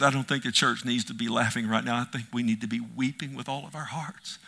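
A middle-aged male preacher delivering an impassioned sermon, swinging from loud cries to hushed near-whispers. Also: on the high side, creaky.

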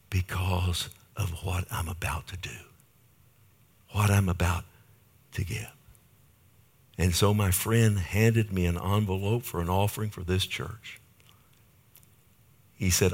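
A middle-aged male pastor telling a personal story in a sermon, animated, swinging from loud bursts to hushed near-whispers. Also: low voice, slightly rough.

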